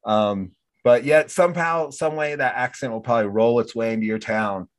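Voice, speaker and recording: Middle-aged man, mid-pitched, host, casual storytelling, acts out dialogue. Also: moderate pace. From North Dakota, USA. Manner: chatty storyteller, acts out quoted exchanges. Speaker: podcast host. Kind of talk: casual conversation.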